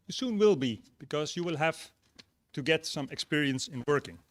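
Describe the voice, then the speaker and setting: A man giving a relaxed graduation speech and telling jokes and a story. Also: fairly high pitch, moderate pace, no echo. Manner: relaxed, tells jokes and stories. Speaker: graduation speaker. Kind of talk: ceremonial speech.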